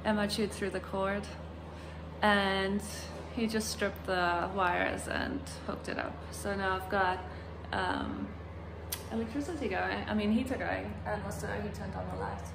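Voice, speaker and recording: A woman's voice: medium pitch, fairly even intonation, measured pace, gravelly, background noise. A young woman vlogging outdoors at a rural property, chatty and laughing often as she calls out to her dog. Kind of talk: casual vlog narration while filming. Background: dogs barking.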